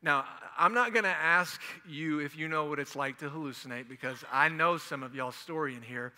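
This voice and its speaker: Bright-voiced joking preacher, echoing hall. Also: male voice, fairly high pitch, moderate pace. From Houston, Texas. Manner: animated, joking, conversational preaching. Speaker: pastor. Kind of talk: sermon. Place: church sanctuary. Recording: long echo of a large church hall.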